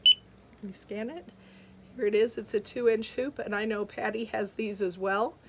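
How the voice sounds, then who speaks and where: On her live jewelry-sale stream, the shop's host chats upbeat with her audience, responding to comments amid plenty of fillers and laughs. She speaks in a mid-range voice with a sharp tone, keeping her intonation fairly even and her pace moderate, over a faint hiss or hum.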